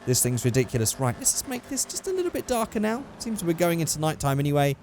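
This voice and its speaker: A young man talks through a video game in a chatty, upbeat way, reacting as he goes. His voice sits fairly high for a man. He sounds casual and unscripted. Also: very animated, fast talker, a little mellow, a little hiss or hum. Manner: chatty and upbeat, thinking aloud. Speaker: gaming YouTuber. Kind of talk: casual gameplay commentary.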